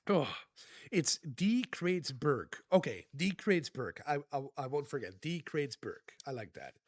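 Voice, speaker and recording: A man live-streaming, reading chat aloud and thanking viewers in a relaxed, laughing manner. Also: a little high, a little slow, no echo, studio quality. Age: adult.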